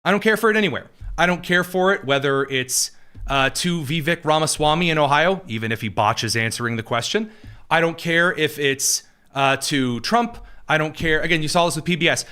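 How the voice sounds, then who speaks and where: A man's voice: fairly high pitch, lively intonation, brisk, sharp tone, clear, resonant tone. A man hosting a political show, chatting casually and bluntly with viewers, digressive with frequent restarts. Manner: blunt and opinionated. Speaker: political commentary show host answering viewer questions. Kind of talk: casual livestream chat.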